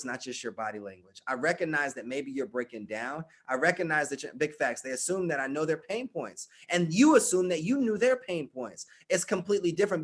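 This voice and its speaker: Speaking at a fairly high pitch with a bright, slightly breathy tone, this middle-aged man leads a live group through a motivational session. He addresses people by name, keeps his delivery emphatic and direct, and hammers his points home through repetition.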